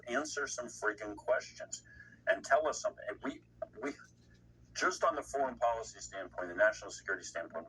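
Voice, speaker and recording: A man's voice: on the low side, bright, forceful tone, slightly rough. A man giving political commentary, blunt and indignant, rambling with restarts. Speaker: guest commentator. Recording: distant mic with faint noise.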